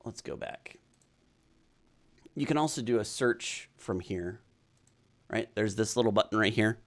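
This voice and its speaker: A man hosting a casual live stream, chatting and reading viewer comments aloud as he thinks out loud. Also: on the low side, measured pace.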